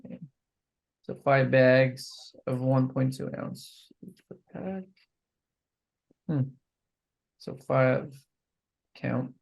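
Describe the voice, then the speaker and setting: Slow, gravelly man mentoring on a call. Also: medium pitch, fairly even intonation, darkish tone. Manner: thinks aloud while reading product labels. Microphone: video call.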